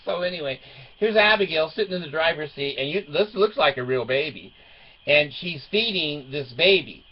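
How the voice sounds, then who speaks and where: A man's voice: on the high side, expressive, normal speed, a little hiss or hum. Wry middle-aged man, dull lo-fi sound. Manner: wry and joking, chuckles through his stories. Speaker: father telling a family story. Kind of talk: casual storytelling monologue. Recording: dull lo-fi recording.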